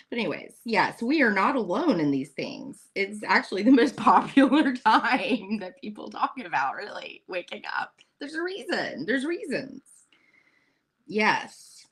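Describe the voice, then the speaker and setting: A woman's voice: deep voice, creaky, husky. A middle-aged woman from the United States hosting a casual morning live stream, chatty and rambling, laughing often and reading out viewers' comments.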